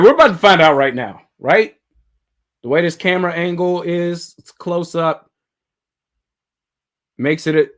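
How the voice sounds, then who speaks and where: An excitable man hosts a casual livestream reaction, talking straight back at what he is watching. His voice swings widely in pitch and he takes his time between bursts. He readily breaks into laughter and shouting. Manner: talks back at the screen. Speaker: livestream host.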